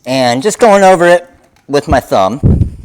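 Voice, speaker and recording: A man leads a live craft tutorial, explaining each step to his viewers. He talks at an unhurried, deliberate pace, his pitch sitting in the middle range. His manner stays upbeat and hands-on. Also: animated, a little mellow, clear, resonant tone. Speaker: craft demonstrator.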